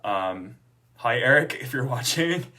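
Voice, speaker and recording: A man's voice: medium pitch, expressive, measured pace, bright, forceful tone. A young man casually telling a personal story to the camera, chatty and conversational, with frequent fillers. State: tearful near the end. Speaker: author promoting his book.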